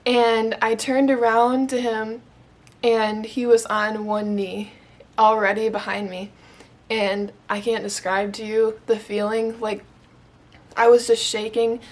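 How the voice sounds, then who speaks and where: A young woman from Michigan telling her proposal story to the camera, gushing and emotional, with lots of "like.". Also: mid-range voice. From Michigan, USA. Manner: gushing, emotional, heavy use of "like". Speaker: vlogger.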